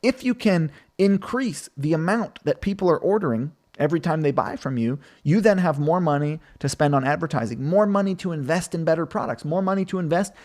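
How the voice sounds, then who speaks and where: A man's voice: on the high side, a little fast, few pauses, darkish tone. A man hosting a live stream, answering viewer questions about marketing in a loose, conversational way with plenty of fillers.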